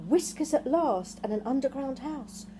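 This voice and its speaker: A woman's voice: mid-range voice, measured pace, dark tone, slight background noise. An older woman reading a picture book to her grandchildren at home, affectionate and asking them questions about the pictures. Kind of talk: bedtime storybook read-aloud.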